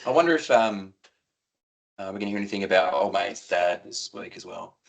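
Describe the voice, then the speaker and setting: An Australian man co-hosting a casual footy podcast, excitable and rambling, swearing freely as he tells stories. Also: low voice, fairly quick, gravelly. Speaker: podcast co-host. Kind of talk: casual chat.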